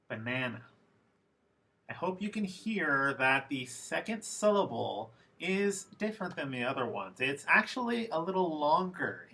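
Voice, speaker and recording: A young man talks through a recorded lesson for his class, pausing to repeat example words slowly and deliberately. His voice is mid-pitched and bright. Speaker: English teacher.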